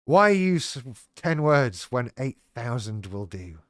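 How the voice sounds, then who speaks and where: A man's voice: mid-range voice, big pitch swings, slow pace, fairly bright tone, no echo, studio quality. A man telling a personal story in a rambling, self-deprecating way with a lot of swearing. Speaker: channel host talking about living with BPD. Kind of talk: casual personal monologue.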